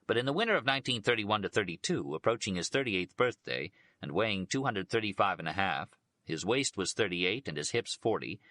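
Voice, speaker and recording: Male audiobook narrator: low, bright, lively delivery, dry close sound. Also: a little fast, no room sound. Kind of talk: audiobook reading of a biography.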